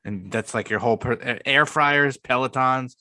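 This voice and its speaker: A man's voice: medium pitch, normal speed, bright, forceful tone. A young man co-hosting a podcast in casual chat, blunt and argumentative, swearing often. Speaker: podcast co-host.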